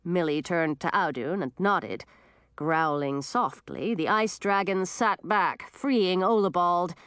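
A woman reading a children's fantasy storybook aloud, with dramatic, expressive narration. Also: lowish voice, slow, smooth, dry recording, studio quality.

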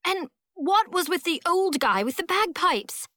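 A woman voicing an excitable young boy who fires off breathless, urgent questions in an audiobook. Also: very high voice, unhurried, no room sound, studio quality, pitched above the performer's own voice, exaggerated voice. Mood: startled.

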